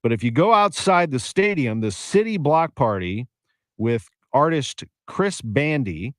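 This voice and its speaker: A man's voice: mid-range voice, very animated, unhurried, a bit bright, dry recording. Man, St. sports radio host; casual, wry, dry close studio sound. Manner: chatty, laughs easily, wry. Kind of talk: casual radio show wrap-up. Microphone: studio microphone.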